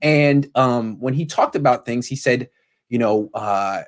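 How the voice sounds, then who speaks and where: A man hosting a casual sports talk show, animated and quick to paraphrase what others said. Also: medium pitch. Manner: animated, quotes people in paraphrase. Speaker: sports podcast host.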